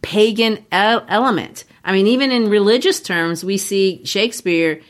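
A woman's voice: medium pitch, normal speed. A woman co-hosting a podcast, explaining a play and tapping out its rhythms aloud, laughing easily. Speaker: podcast co-host. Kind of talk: casual literary discussion.

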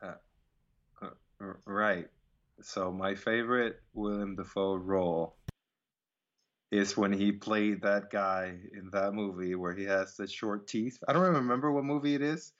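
A man's voice: on the low side, a little slow, fairly bright tone. A man co-hosting a casual movie review chat, loose and profane, laughing often. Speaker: podcast co-host. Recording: dull lo-fi audio.

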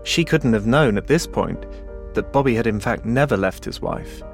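A man narrating a documentary podcast as its host, in a measured, deliberate storytelling manner. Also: mid-range voice, expressive, vocal fry, faint music behind.

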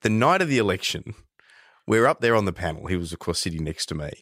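Deep-voiced, lively Australian man. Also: quick pace, dry recording. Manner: animated storytelling. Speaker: podcast co-host. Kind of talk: casual political chat.

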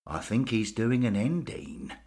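A man voicing Bill, a calm, knowing older male ghost who explains things patiently and matter-of-factly. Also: lowish voice, measured pace, creaky, full character voice. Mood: explaining.

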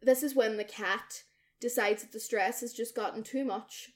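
A young woman co-hosts a casual podcast, her voice pitched a little above most women's. She tells stories with animated energy, swears freely, and slips into the voices of the people she describes. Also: moderate pace, a crowd in the background. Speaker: podcast co-host. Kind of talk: casual storytelling chat.

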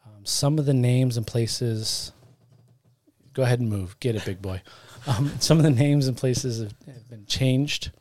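A man of middle pitch tells a story on a podcast, speaking casually and jokily. He rambles, restarts lines and corrects himself as he goes. The sound is a plain studio podcast mic. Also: unhurried, darkish tone, no echo. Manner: rambling, self-correcting, jokey. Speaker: podcast co-host.

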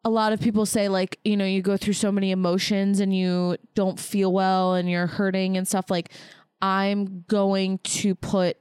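A woman's voice: mid-range voice, little pitch movement, moderate pace, a little mellow, clear, resonant tone, no echo, clean studio sound. A young woman, an expectant mother co-hosting a podcast, talking casually and reflectively with many fillers. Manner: chatty, self-reflective, with frequent fillers and laughs. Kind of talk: casual couple chat.

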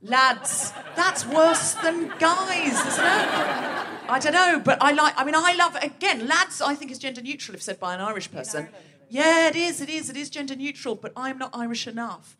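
A woman's voice: sits high, animated, a little fast, hardly any pauses, crowd noise. A woman hosting a live comedy podcast on a theatre stage, bantering with the audience in a chatty, self-mocking way. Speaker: podcast host.

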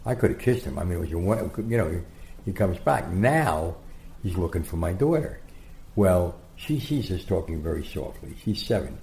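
Man, gravelly low voice, dark tone, rambling animated anecdotes, interview guest, roomy echo. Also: brisk, a little hiss or hum. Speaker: guest storyteller.

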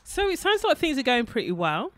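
A woman's voice: high-pitched, sing-song, a little fast, fairly bright tone, slight background noise. A woman hosting a podcast interview, encouraging and affirming her guest. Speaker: podcast host. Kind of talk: conversational interview.

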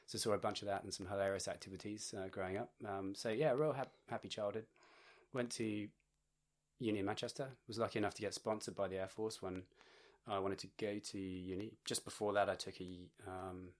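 Low-voiced West Country English man. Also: brisk. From England. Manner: relaxed, chatty, laughs often. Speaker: podcast guest. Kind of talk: casual interview chat.

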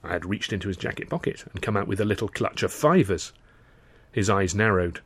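A man's voice: on the low side, fairly quick, slightly rough, no echo. A man reading his own comic novel in the first person, in a wry, dryly comic storytelling manner. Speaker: author and reader.

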